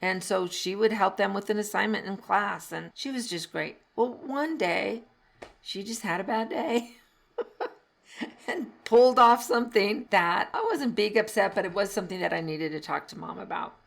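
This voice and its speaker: A middle-aged woman talks through a casual podcast monologue on parenting. She is a chatty storyteller who laughs often between her anecdotes. Her pitch sits in a middle range. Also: moderate pace, gravelly. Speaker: parenting podcast host and former teacher.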